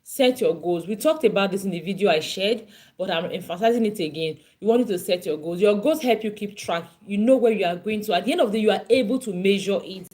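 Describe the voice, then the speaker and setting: A woman's voice: mid-range voice, fast talker, darkish tone. A woman parenting coach teaching an online class, earnest and emphatic, often repeating her points.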